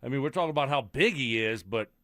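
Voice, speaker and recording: A man's voice: mid-range voice, lively intonation, fast talker, sharp tone, no room sound, clean studio sound. A man co-hosting a sports radio show, talking casually through his thoughts. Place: radio studio.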